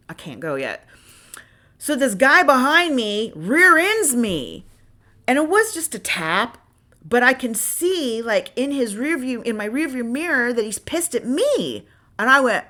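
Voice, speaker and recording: Podcast lady with a bright sharp voice, swearing a lot, gets loud then drops to low asides. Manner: animated, profane, swings from loud venting to low asides. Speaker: podcast host. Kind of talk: candid personal storytelling.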